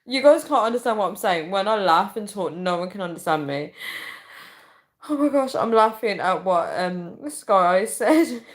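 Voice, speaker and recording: A woman's voice: medium pitch, lively intonation, moderate pace. A woman hosting a casual live chat, laughing helplessly and out of breath as she talks. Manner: laughing helplessly, squealing through words. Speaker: live-stream host reading viewer comments.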